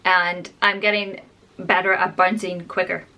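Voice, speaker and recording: A woman's voice: on the low side, level tone, a little slow, bright, forceful tone. A woman talking openly in a personal vlog, rambling and confessional in a chatty way. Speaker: vlogger.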